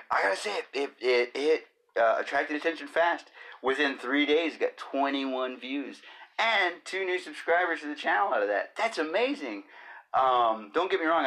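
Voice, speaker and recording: A man's voice: mid-range voice, sharp tone. Rambling jokey man in his thirties. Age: 30s. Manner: rambling, jokey, breaks into silly voices and singing. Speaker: podcast host. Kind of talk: casual solo chat.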